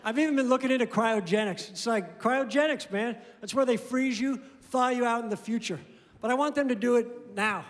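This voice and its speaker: Dry, deadpan stand-up comedian, high voice. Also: male voice, a little fast. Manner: dry, deadpan delivery with acted-out dialogue. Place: comedy venue stage before a live audience. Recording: roomy hall reverb, audible crowd laughter. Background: audience laughing.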